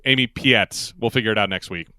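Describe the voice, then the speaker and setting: A man's voice: lowish voice, brisk, pushed and bright, smooth, no room sound, clean studio sound. A man co-hosting a podcast, chatting casually and rambling as he recaps a TV episode, laughing often. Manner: rambling, laughs often, acts out quoted lines. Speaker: podcast co-host.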